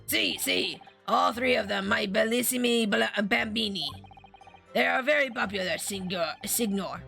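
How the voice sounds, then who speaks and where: A boastful male balloon operator in a video game, drawling in a theatrical mock Italian accent, as a woman reads him aloud. The voice is heavily gravelly and bright, pitched a little high, with faint music behind. He talks up his trade with showy pride. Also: moderate pace, exaggerated voice.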